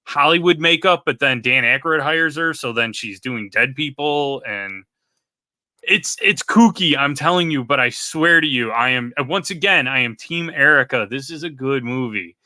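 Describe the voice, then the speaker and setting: Rambling man with a very bright voice. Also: medium pitch, normal speed, no room sound. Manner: rambling, searches for words. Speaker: podcast co-host. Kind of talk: casual chat.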